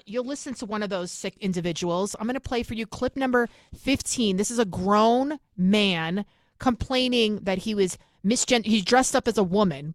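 A woman hosting an opinionated commentary show, talking emphatically and repeating her points, her pitch rising when she gets heated. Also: no room sound, clean studio sound. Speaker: talk show host.

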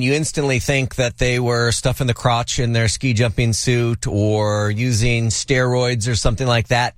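A man's voice: medium pitch, no room sound, studio quality. A man hosting a radio show, telling stories and teasing his co-hosts in casual banter. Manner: playful, teasing storyteller.

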